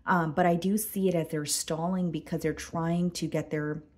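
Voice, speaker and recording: A woman giving a casual tarot reading to her viewers, chatty and full of fillers, a bit hoarse and clearing her throat. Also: on the low side, steady tone, moderate pace. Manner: chatty, addresses viewers as guys, many fillers. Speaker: tarot reader.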